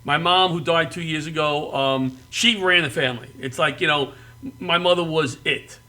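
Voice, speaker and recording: A middle-aged man from the New York area telling comic family stories, animated and often laughing and yelling. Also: fairly high pitch, normal speed. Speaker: guest comedian. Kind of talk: comic storytelling.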